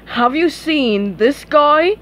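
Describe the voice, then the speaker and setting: A woman voices a smug, sly cop from a storybook, talking down in a drawn-out way. A faint hiss of noise runs under it. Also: high-pitched, animated, fairly bright tone, voice pushed up, full character voice. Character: smug sly male police officer.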